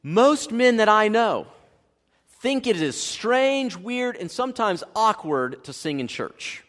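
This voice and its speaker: A man preaching a sermon as pastor, animated and acting out the quoted voices of his listeners. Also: sits high, slow, in a large hall. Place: church sanctuary.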